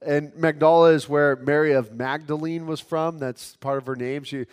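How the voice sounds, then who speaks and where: A man's voice: mid-range voice, steady tone, normal speed, few pauses, clean tone. A male pastor preaching a sermon in an earnest way, often repeating a word as he restarts. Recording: long hall reverb.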